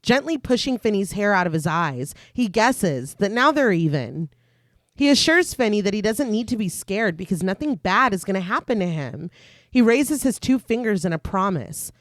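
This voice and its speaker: A woman's voice: mid-range voice, big pitch swings, normal speed, no echo, studio quality. A woman co-hosting a horror podcast, retelling the plot of a film in detail between her own casual comments. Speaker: podcast co-host. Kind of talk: casual chat and film recap narration.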